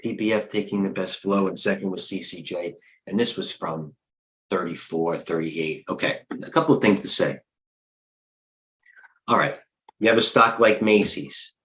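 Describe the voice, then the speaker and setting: A man's voice: sits low, normal speed, a bit bright, rough recording. A middle-aged man hosting a live trading stream, thinking aloud as he rambles bluntly through stock charts. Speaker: trading coach and livestream host. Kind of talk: live market commentary.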